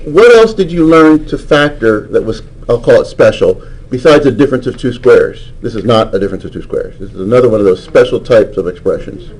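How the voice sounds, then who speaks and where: Lively questioning man teaching a class. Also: mid-range voice, brisk, few pauses, poor audio. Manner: questioning, coaxing students. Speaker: math teacher. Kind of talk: classroom lecture.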